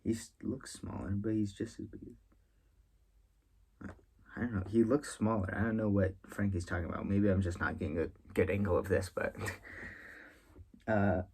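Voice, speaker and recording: A man's voice: fairly low pitch, steady tone, moderate pace, long pauses, a little mellow, slightly rough. A man reading a manga chapter aloud as a reviewer, rambling and correcting himself as he reacts. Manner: rambling, musing aloud with frequent filler and self-correction.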